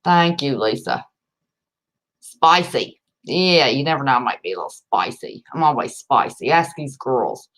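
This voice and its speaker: Her voice is a rumbling low, expressive and a bit bright, moving at a measured pace. She's a livestream host from West Virginia with an Appalachian accent, broadcasting casually from home, greeting viewers by name and calling them honey in a chatty, folksy way.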